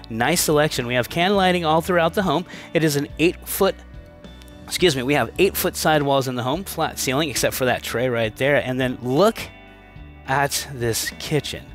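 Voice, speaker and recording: This home tour host has a medium-pitched, slightly bright voice. He's enthusiastic and chatty as he casually walks through a manufactured home at a show, now and then stumbling and starting over.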